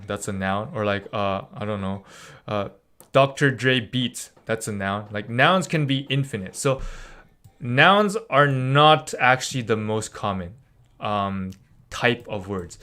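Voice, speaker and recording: A man's voice: mid-range voice, a bit bright. Young man, casual live-stream lesson, chatty, filler-heavy, rambling. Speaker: language teacher streaming a lesson.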